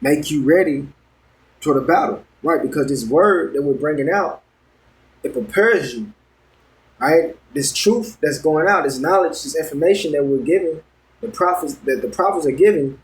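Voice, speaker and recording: A man's voice: fairly high pitch, animated, moderate pace. A man preaching a sermon, reading news and scripture aloud and commenting on it. He talks conversationally, stumbles over words and keeps checking in with his listeners. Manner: conversational, checks in with "all right?" constantly.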